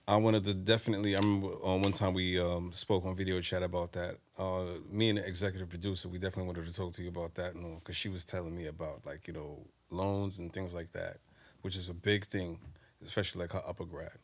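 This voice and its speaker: A man co-hosting a casual podcast, speaking in a halting, agreeable way with many fillers. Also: low voice, fairly even intonation. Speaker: podcast co-host.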